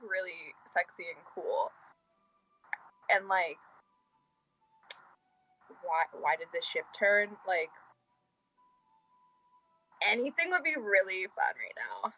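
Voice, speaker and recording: A woman's voice: very animated, measured pace, pauses often, bright, forceful tone, soft background music, low-quality recording. A woman player talking casually during a tabletop game, rambling with many "like"s. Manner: rambling, full of "like". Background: faint highway traffic.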